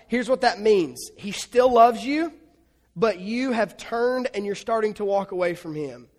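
High-voiced male preacher in a reverberant hall. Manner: conversational, illustrates with family stories. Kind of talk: sermon.

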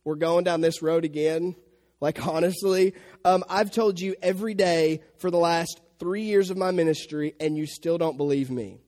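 A man's voice: a little high, fairly even intonation, moderate pace, darkish tone, big-room sound, pitched below the performer's own voice, close to an everyday voice. A man voicing Jesus as a slangy, exasperated modern guy, talking in an over-casual, flustered way. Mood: weary.

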